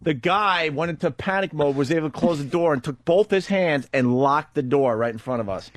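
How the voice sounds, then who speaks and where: A man's voice: a little high, fairly quick, no echo. A man hosting a radio talk show in a studio, telling a rambling, profane story into a studio microphone.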